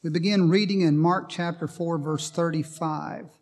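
A man's voice: fairly high pitch, fairly even intonation, normal speed, darkish tone. A man preaching a sermon, telling a story with a joke before reading from the Bible. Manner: storytelling with a joking aside, then Bible reading.

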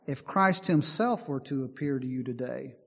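Earnest preacher in an echoing hall. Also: male voice, medium pitch, lively intonation, moderate pace, gravelly, slightly rough. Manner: earnest, emphatic, reads scripture aloud. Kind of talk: sermon. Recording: long hall reverb.

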